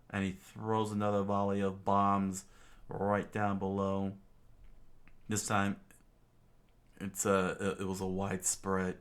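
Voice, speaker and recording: A man reading a comic aloud in a casual way, halting with restarts and fillers. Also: low voice, completely flat delivery. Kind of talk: casual comic read-along.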